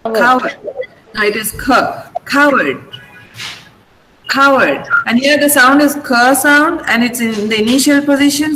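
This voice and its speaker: A middle-aged woman with an Indian English accent teaching pronunciation online, patiently repeating words slowly over a video call. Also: high-pitched, pushed and bright, slight background noise, poor audio. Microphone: computer mic on a video call.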